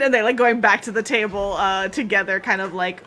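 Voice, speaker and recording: A woman's voice: medium pitch, fairly even intonation, brisk, hardly any pauses, pushed and bright, soft background music. A woman narrating a tabletop game as game master, rambling loosely with many "like"s and "um"s. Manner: rambling, full of "like" and "um".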